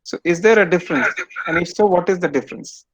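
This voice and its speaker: A man's voice: high voice, quick pace, husky, no echo. A man giving an online lecture to students over a video call, explaining step by step and quizzing them.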